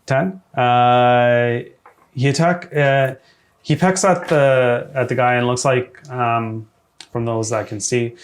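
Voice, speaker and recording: A man runs a tabletop game as dungeon master, relaxed and hesitant, with many fillers and frequent laughs. His voice is medium-pitched and slow.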